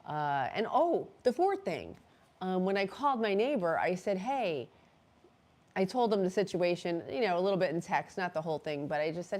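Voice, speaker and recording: A woman's voice: lowish voice, lively intonation, normal speed, a little mellow. A woman hosting a casual live stream from her chilly home, chatty and rambling, with many fillers and restarts. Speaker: livestream host. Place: cold home room. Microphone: microphone clipped near her cat.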